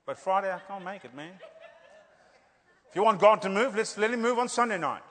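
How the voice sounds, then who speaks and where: Man, middle-aged, high-pitched revival preacher; loud swells, quiet asides; long church-hall reverb. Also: fairly quick. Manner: lively, swings between loud declarations and quiet asides, jokey. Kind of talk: revival sermon.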